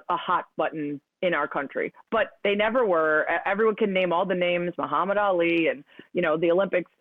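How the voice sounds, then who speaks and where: A woman sports radio host talking as a guest in a casual interview, chatty and full of likes. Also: lowish voice. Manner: chatty, frequent likes and laughs. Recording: dry, tinny phone line.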